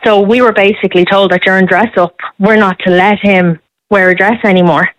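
A woman calling in to a radio show, telling stories in an animated, chatty way. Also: mid-range voice, a little fast, no room sound, highs cut off. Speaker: caller. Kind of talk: casual radio phone-in chat.

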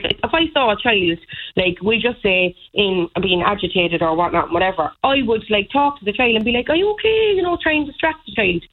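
A woman in her thirties comes through a thin, tinny phone line. She tells her story in an indignant, rambling way, full of fillers. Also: medium pitch. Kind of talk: telling a personal story.

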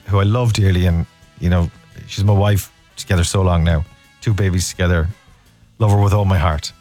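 Irish male radio host, 30s, lower register, animated storyteller, light music bed. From Ireland. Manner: animated storyteller, laughs often. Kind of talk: casual radio chat.

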